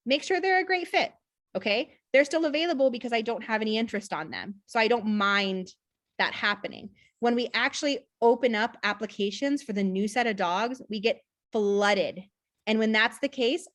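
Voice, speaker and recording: A woman's voice: mid-range voice, dry recording. Blunt, chatty woman on a video call. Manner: blunt and chatty, checks in with "okay?". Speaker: adoption coordinator for a prison dog-training program. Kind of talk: casual live info session.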